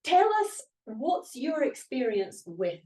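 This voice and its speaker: A woman's voice: sits high, sing-song, takes it slowly, mellow. A middle-aged woman co-hosting a podcast, chatting casually and often hesitating to find her words. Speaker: podcast co-host. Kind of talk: casual chat. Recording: roomy echo, distant from the mic.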